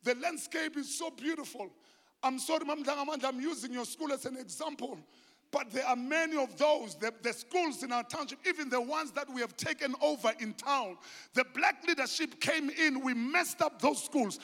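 A South African pastor with a very high voice for a man preaches with fervor, dropping to near-hushed lines and rising to shouts, weaving Zulu phrases into his English. His voice rings out in a church sanctuary with a long, trailing reverb. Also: moderate pace. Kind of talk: sermon.

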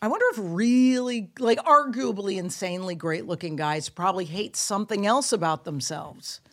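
A woman's voice: mid-range voice, normal speed. A middle-aged woman comedian hosting a podcast, telling stories in a casual, profane way and acting out quotes. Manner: animated, profane storytelling with acted-out quotes.

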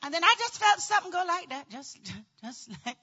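A woman in middle age telling a personal story in a dramatic, animated way, acting out voices and often shouting. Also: very high-pitched, a little fast, dull audio. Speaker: storyteller recounting childbirth.

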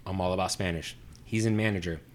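Animated man ranting about bad service. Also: deep voice, quick pace, a little hiss or hum. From Puerto Rico. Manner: animated ranting, acting out both sides. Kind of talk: casual podcast chat.

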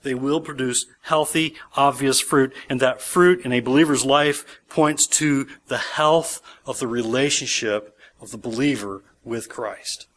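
A man's voice: medium pitch, a little slow, few pauses, a bit bright. A man pastor preaching a sermon, emphatic and repeating key words for stress.

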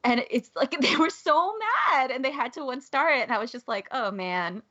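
A woman's voice: sits high, brisk, no room sound. Woman, podcast host, casual chat, chatty, laughs often, dry dull sound. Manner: chatty, laughs often, animated when quoting others.

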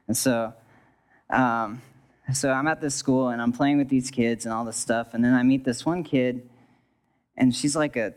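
A man's voice: medium pitch, fairly even intonation, normal speed. Young man telling a rambling story. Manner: rambling, restarts, jokes aside to the audience. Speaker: speaker sharing a testimony. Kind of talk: personal story, self-deprecating asides.

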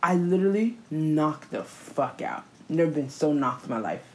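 A woman telling a story in a casual chat, profane and animated, often breaking into laughter. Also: deep voice, normal speed, poor audio.

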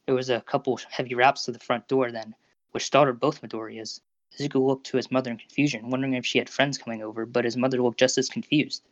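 A narrator reading fan fiction aloud in a steady, even manner over a Discord call. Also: mid-range voice, fast, no room sound. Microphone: Discord voice call recording. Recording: dull lo-fi Discord audio.

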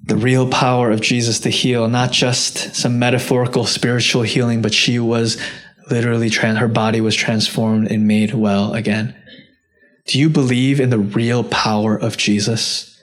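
A man preaching a sermon, earnest and direct, rising to impassioned peaks and dropping low and soft when quoting. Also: level tone, moderate pace. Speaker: pastor.

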